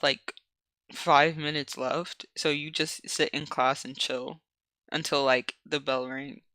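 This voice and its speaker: Bright, rambling young fanfic reader. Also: medium pitch, no room sound, studio quality. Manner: rambling, heavy use of "like" fillers. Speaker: streamer reading own fanfiction. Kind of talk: casual reading with asides.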